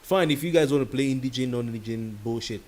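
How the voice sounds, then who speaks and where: A heated Nigerian-accented man delivers a late-night talk show monologue. He rants with passion, slipping pidgin words in among his English. His voice sits at an ordinary middle pitch. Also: fast, a little mellow.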